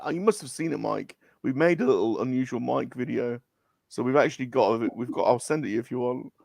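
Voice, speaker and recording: A man's voice: medium pitch, fairly quick, gravelly, darkish tone, dry recording, clean studio sound. A man chatting as a show guest, rambling and repeating himself. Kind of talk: casual chat.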